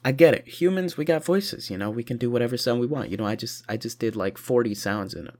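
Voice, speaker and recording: A man's voice: medium pitch, fast, darkish tone. A tired man rambling profanely through a casual video monologue, short on sleep. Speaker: vlogger.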